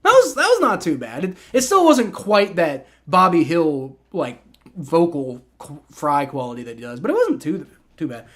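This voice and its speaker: A man's voice: on the high side, sing-song, normal speed. A man in his twenties hosting a livestream, mixing play-by-play with casual chat, rambling with repeated words and fillers. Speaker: livestream host. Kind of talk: live play-by-play and chat reaction.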